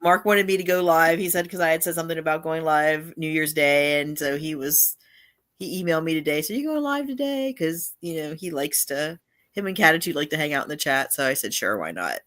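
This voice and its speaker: Livestream host, mid pitch, casual chat, hesitant, many fillers. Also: brisk, fairly bright tone.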